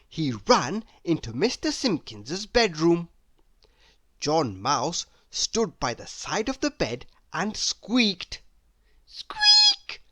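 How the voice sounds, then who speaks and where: Slow, lively woman reading a storybook. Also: deep voice, no room sound, studio quality. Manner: slow, expressive, asks the listener questions. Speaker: storybook reader. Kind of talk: children's storybook read-aloud.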